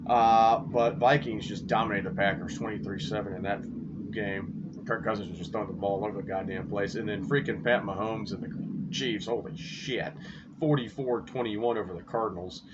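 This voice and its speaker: A man hosting a sports podcast, rambling through game results and his bets in a casual, profane, excitable way. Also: on the low side, moderate pace. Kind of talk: casual sports recap and betting talk. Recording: dull lo-fi recording with faint noise.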